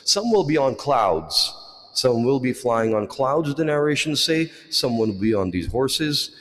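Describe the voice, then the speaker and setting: Man lecturing in a reverberant hall. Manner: narrates stories, voicing quoted lines with a lifted pitch. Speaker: majlis lecturer. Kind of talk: religious lecture with storytelling. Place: religious centre hall.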